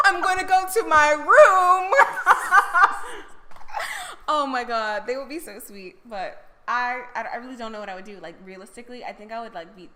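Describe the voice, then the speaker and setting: A young woman co-hosting a casual podcast, giggly and animated, swearing freely as she jokes with a friend. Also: high voice, normal speed, a little hiss or hum. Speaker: podcast co-host. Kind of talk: casual chat.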